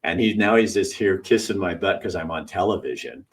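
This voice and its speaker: A middle-aged man with a low, highly animated voice that swings widely as he tells stories. He acts out voices and laughs easily. He sits a bit back from the mic. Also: a little fast, distant mic. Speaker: host. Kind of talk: casual storytelling conversation.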